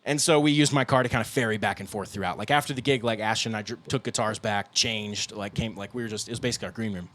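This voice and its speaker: A man's voice: fairly low pitch, fast talker, hardly any pauses, fairly bright tone. A young man co-hosting a podcast, talking in a loose, rambling, casual way and breaking into goofy slurred voices now and then. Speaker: podcast co-host, guitarist. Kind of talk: casual chat.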